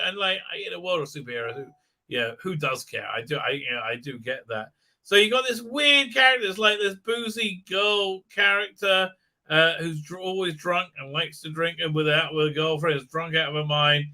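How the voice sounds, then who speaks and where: A man's voice: fairly high pitch, moderate pace, pushed and bright. A middle-aged man hosting a live stream from his desk, rambling sarcastically and swearing, full of fillers and restarts.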